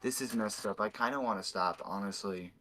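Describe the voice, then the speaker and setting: Young male host, bright voice, reads text aloud casually and stumbles, cursing between lines. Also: on the low side, brisk, rough recording. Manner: stumbling, swearing asides, uneasy laughs. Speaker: host reading a fan fiction aloud. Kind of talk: casual reading with commentary.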